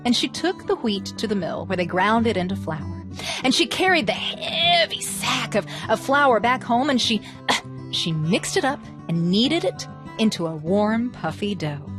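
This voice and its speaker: Woman storyteller, lively sing-song pitch, asks kids questions, faint music under her. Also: moderate pace. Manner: expressive, asking listeners questions. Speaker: storyteller teacher. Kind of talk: children's story reading and lesson.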